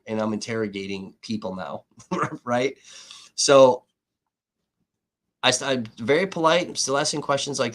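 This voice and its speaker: A male livestream host tells a story in loose, swearing-heavy speech that keeps heating up. His pitch sits in the ordinary middle range for a man. He reads as an independent reporter venting at his audience and laughs now and then between points. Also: fairly bright tone. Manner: profane, heated retelling of a dispute.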